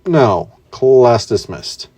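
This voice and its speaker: A man voicing a proud, muscular adult hero teacher who speaks gruffly and curtly. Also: medium pitch, very animated, very slow, darkish tone, full character voice.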